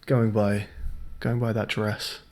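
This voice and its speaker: A man's voice: on the low side, flat delivery, slow, a little mellow. A young man streaming a puzzle game, thinking aloud in a chatty, hesitant way with lots of ums. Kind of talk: casual let's-play commentary.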